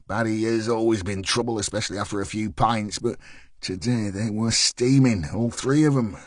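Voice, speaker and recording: A man's voice: fairly low pitch, a little mellow, dry recording, clean studio sound, lightly acted. A man voicing a nervous, gossipy male pub landlord who stammers and chatters. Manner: stammering, chatty, dialect-heavy.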